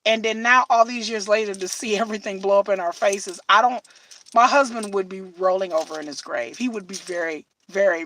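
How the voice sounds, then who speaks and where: A middle-aged woman chatting casually on a livestream, telling lively stories, acting out what people said and swearing freely. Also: mid-range voice, recorded from a distance, rough recording. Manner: animated storytelling, acts out quotes, swears freely. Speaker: livestream host. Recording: voice slightly off-mic, faint noise.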